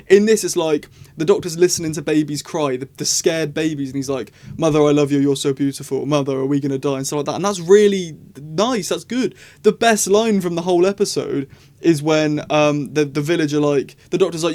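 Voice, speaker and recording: A man's voice: a little high, a little mellow. A young man giving a casual, rambling review. He talks enthusiastically and often restarts his sentences. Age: young adult. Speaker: video reviewer.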